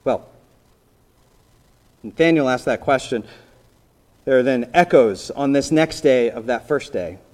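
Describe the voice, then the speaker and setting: A man preaching a sermon in a conversational storytelling manner, briefly acting out the people in the story and dropping to a soft voice for emphasis. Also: medium pitch, a little slow, pauses often. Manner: conversational storytelling, voicing biblical characters, drops to soft emphasis. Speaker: pastor.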